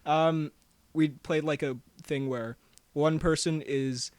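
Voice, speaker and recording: A young man co-hosting a podcast, rambling through quick reviews with self-mocking jokes and frequent laughs. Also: fairly high pitch, steady tone, darkish tone, no echo. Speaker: podcast co-host. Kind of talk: casual chat, quick reviews.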